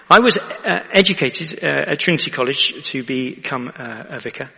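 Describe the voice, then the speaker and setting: Chatty vicar with a gravelly voice. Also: male voice, mid-range voice, animated, a little fast, few pauses, sharp tone, long reverb tail. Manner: chatty, asks the audience for agreement. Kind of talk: sermon.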